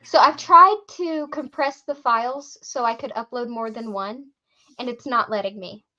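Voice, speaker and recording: A woman co-hosting a casual podcast chat tells her stories animatedly and swears freely. Her bright, high voice moves at a normal speed and comes through dull lo-fi audio.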